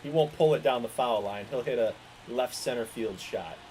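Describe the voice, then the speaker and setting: A man's voice: medium pitch, moderate pace, a little mellow, a little hiss or hum, rough recording. A man calling a baseball video game play by play, exasperated and swearing as his team loses. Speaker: gaming streamer calling the game.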